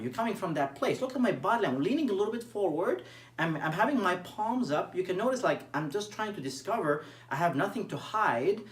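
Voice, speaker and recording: A man coaching on workplace trust in a demonstrative training talk, acting out tones of voice and gestures as he explains. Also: high voice. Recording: roomy sound, mic at a distance.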